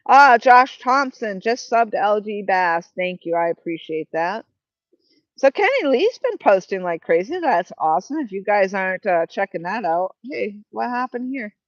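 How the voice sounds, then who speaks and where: A woman's voice: medium pitch, lively intonation, normal speed, dry recording. Woman host, casual rambling live-stream chat, dry muffled headset sound. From New Hampshire, New England. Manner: rambling, chatty, reads viewer comments aloud. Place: outdoors by the water. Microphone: Bluetooth headset.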